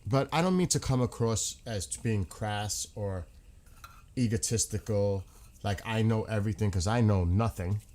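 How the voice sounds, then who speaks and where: Male streamer, low pitch, loose rambling chat with viewers, blunt and profane. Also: normal speed, darkish tone. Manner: rambling, frank, swears freely. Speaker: livestream host. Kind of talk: casual livestream chat.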